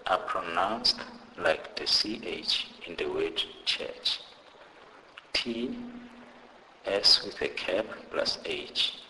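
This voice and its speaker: A man's voice: sits low, pushed and bright, a little hiss or hum, rough recording. A man teaching a beginner language lesson, spelling out letter pairs and saying each example word twice in a careful, scripted delivery. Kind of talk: slow scripted pronunciation lesson.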